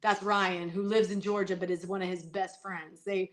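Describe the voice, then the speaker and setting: A woman in casual conversation, talking in lively bursts with frequent restarts and asides. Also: medium pitch. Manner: animated, talks in quick restarts and asides. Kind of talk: casual chat.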